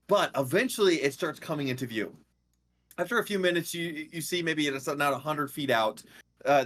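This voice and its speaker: Halting man narrating as game master. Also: fairly high pitch, a bit bright. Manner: halting, many fillers.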